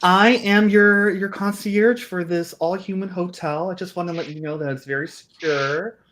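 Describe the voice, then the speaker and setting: A woman's voice: on the low side, fairly even intonation, normal speed, fairly bright tone, slight background noise, pitched above the performer's own voice, close to an everyday voice. A woman voicing a bubbly, chatty female ghost who works as a hotel concierge in a tabletop game. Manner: gushing, eager, playful. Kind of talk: tabletop role-play voice.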